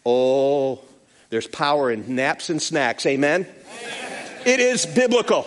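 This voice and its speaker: A man, a pastor, preaching a sermon with animated, playful storytelling and quick asides. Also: on the high side.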